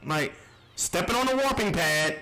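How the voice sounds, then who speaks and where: A man's voice: high-pitched, animated, moderate pace, bright, forceful tone, soft background music, rough recording. A man streaming live reactions, ranting in an exasperated, heavily profane way.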